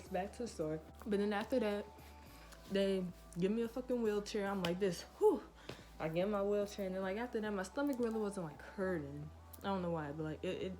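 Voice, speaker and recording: A woman's voice: on the low side, dark tone. A woman vlogger telling a casual storytime tale with a loose, profane manner and lots of fillers.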